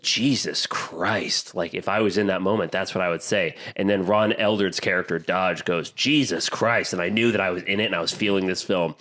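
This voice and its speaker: A man hosting a podcast in casual chat, telling a film's plot in a lively, animated way with quick asides. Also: low-pitched. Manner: animated storytelling, quick asides, acts out quotes. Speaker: podcast host.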